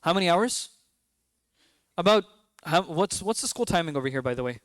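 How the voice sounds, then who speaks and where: The man's slightly high, somewhat bright voice has lively intonation and a normal pace, with no echo. A New Yorker in his twenties, he gives parents a conversational mosque talk, asking them questions and joking occasionally.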